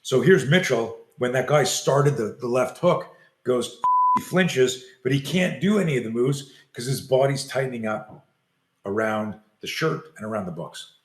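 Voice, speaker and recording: Speaking at medium pitch and a moderate pace, an older male self-defense coach animatedly tells a long story in an interview, acting out the lines he quotes. The recording has a roomy echo plus a little hiss or hum.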